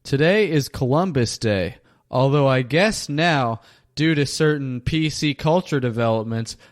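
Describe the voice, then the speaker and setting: A man hosting a comedy podcast, reading absurd diary entries in a deadpan, dry delivery. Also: mid-range voice, measured pace, no echo. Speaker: podcast host.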